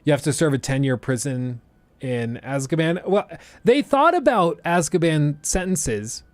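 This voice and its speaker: A man's voice: a little high, lively intonation, unhurried, dry recording. A young man streaming and chatting casually, thinking aloud with plenty of fillers and restarts. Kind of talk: casual livestream chat.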